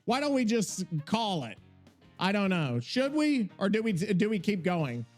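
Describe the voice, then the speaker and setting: A man's voice: sits high, big pitch swings, measured pace, a little mellow, soft background music. A man hosting a podcast live, ranting in exasperation and swearing, repeating his questions. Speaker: podcast host. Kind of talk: casual live podcast chat.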